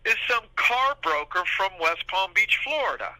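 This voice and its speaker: Bright-voiced man in his sixties, animated storyteller. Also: high-pitched, moderate pace, no echo, poor audio. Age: 60s. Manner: rambling, animated, acts out quoted dialogue. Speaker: podcast guest. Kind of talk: casual anecdotal storytelling.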